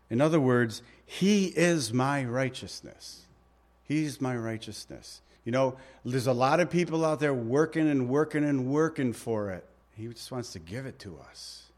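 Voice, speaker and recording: A middle-aged man preaching a sermon in a conversational way, slowing down to read verses aloud and dropping quiet to stress a point. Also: medium pitch. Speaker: pastor.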